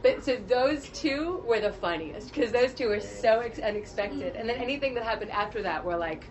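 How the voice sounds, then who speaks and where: A voice actress telling stories in an animated, laughing way during a casual convention interview. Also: female voice, fairly high pitch, normal speed, hardly any pauses, a crowd in the background. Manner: animated, laughing often, acts out quotes. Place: convention media panel. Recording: noisy convention floor.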